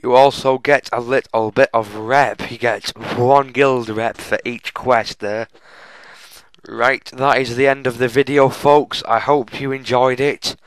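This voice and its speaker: A man's voice: medium pitch, steady tone, measured pace, clean tone, no room sound, rough recording. A young man giving chatty, self-mocking walkthrough commentary on a game, often addressing viewers as folks. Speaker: gaming channel host.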